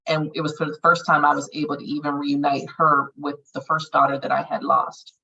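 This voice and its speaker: A woman with a low, bright and forceful voice guides a healing circle in casual, earthy talk with frequent swearing. She sounds distant from the mic, and the audio is dull and lo-fi. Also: little pitch movement, brisk, gravelly, slightly rough. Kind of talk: casual group guidance on meditation.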